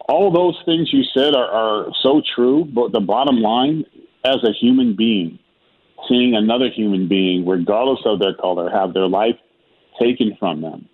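A man talks through a discussion in an emphatic, earnest way. His voice is husky and a little rough. It comes through a thin, phone-like line. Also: mid-range voice. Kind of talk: call-in talk discussion.

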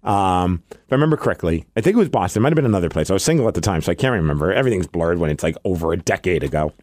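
A man co-hosting a podcast in casual chat, an animated storyteller who acts out the people he quotes. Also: low voice, rapid-fire, dry recording. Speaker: podcast co-host.

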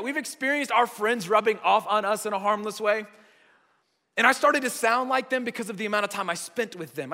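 American male pastor, bright tense voice, chatty repetitive sermon delivery. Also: high-pitched, long reverb tail. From United States. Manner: conversational, repeats phrases for emphasis.

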